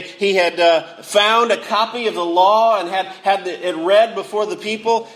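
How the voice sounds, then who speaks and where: A man preaching a sermon, earnestly rising to anguished cries and then dropping low and quiet. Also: rough recording. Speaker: pastor.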